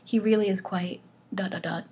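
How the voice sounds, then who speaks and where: A woman voicing a prim, huffy young woman, mocking her in a breathy whispered role-play. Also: mid-range voice, steady tone, moderate pace, dark tone, lightly acted.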